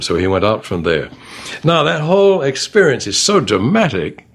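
A man's voice: medium pitch, big pitch swings, moderate pace, husky. A man teaching a Bible study class, reading scripture aloud with expression and putting questions to the group.

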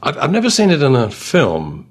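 A man's voice: on the high side, wildly swooping pitch, normal speed. A man leads a Bible study, reading passages aloud with expression. His voice rises and falls over a wide range, and he keeps turning to the class with questions.

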